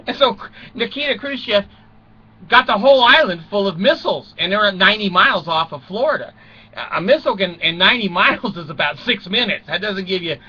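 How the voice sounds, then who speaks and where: A man's voice: high-pitched, pushed and bright, highs cut off. A man in his sixties from the United States, telling a rambling comic story and chuckling through his own jokes. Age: 60s.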